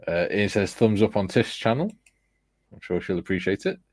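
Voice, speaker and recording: A man's voice: fairly low pitch, animated, normal speed, darkish tone, no echo. A man hosting a casual livestream, reading viewer comments aloud with a chuckle. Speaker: livestream host reading chat. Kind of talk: casual chat.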